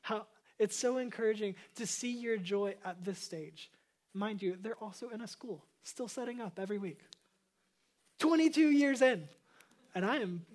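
A man preaching a sermon as pastor, earnest, repeating key phrases and moving between emphatic lines and hushed ones. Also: high-pitched.

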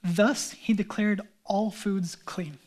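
A male pastor preaching a sermon in a conversational, animated way, with casual asides. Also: sits high, slow pace.

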